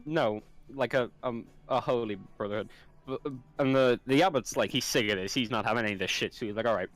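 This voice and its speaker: A man's voice: mid-range voice, faint music behind. A man telling a long, rambling joke in casual chat with friends over an online call, full of restarts. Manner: rambling, halting storyteller with restarts.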